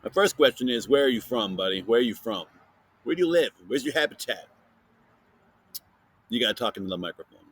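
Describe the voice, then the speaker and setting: A man hosting a casual science podcast for kids, playfully interviewing a silent guest and filling pauses with chatter. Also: mid-range voice, expressive, fairly bright tone, breathy edge. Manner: chatty with many fillers. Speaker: podcast host.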